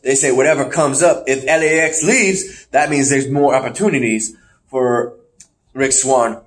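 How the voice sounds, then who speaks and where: A man hosting a podcast, casually recapping wrestling shows and acting out the wrestlers in put-on voices. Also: mid-range voice. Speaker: podcast host.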